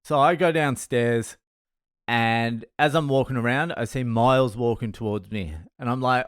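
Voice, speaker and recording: A man's voice: medium pitch, normal speed, clear, resonant tone, no echo, studio quality. A man hosting a podcast, telling a long story with swearing and bursts of laughter. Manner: profane, animated retelling, laughs at himself. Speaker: podcast host. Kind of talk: storytelling monologue.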